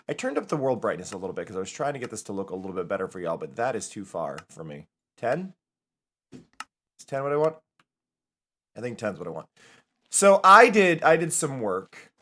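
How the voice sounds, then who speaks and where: A man's voice: mid-range voice, sharp tone. A young man chatting casually on a live stream while playing a game, rambling and laughing often.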